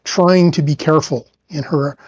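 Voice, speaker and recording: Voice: mid-range voice, steady tone, moderate pace. A tabletop player thoughtfully explaining their character, with many hesitations and fillers.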